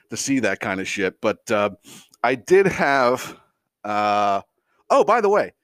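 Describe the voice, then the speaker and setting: A man's voice: lowish voice, clean tone, dry recording. A middle-aged man hosting a podcast, ranting casually with heavy profanity and frequent laughs. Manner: profane, animated, laughing storyteller. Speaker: podcast host. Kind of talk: casual comedic rant.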